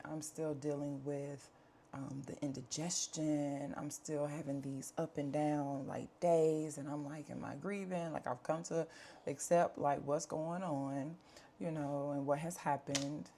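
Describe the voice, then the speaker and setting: Woman in her 40s, low voice, chatty and earnest vlog update at home, faint background hiss. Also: darkish tone. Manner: earnest, chatty, with many fillers and asides. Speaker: vlogger. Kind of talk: candid life-update talk to camera.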